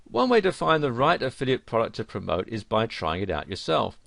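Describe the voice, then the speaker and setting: A man's voice: mid-range voice, wildly swooping pitch, fairly quick, creaky, a bit bright, no echo, studio quality. A man narrating an online course lesson, giving earnest, direct advice to learners.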